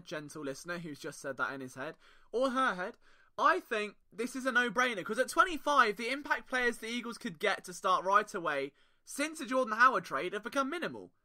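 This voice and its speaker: A man's voice: high-pitched, sharp tone. A young English man with an English accent, hosting a solo sports podcast in a playful, jokey, sing-song way. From England. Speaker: podcast host.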